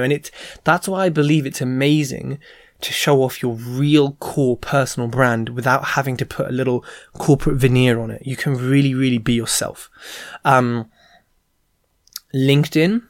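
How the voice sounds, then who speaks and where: A man's voice: medium pitch, dry recording, studio quality. A man hosting a show, giving casual advice in a chatty way with plenty of fillers and asides. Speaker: podcast host giving business advice.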